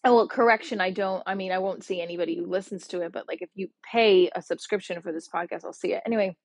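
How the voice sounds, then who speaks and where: A woman's voice: medium pitch, steady tone, quick pace, no room sound, clean studio sound. A woman in her forties hosting her own podcast, talking through a sad, upset personal monologue in a rambling, emotional way full of restarts. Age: 40s. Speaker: podcast host.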